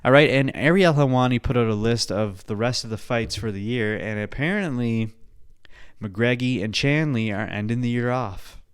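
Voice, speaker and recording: A man's voice: medium pitch, moderate pace, smooth. Young male podcast host, casual and profane, rambling delivery, mid-range voice. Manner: profane, rambling, laughs a lot.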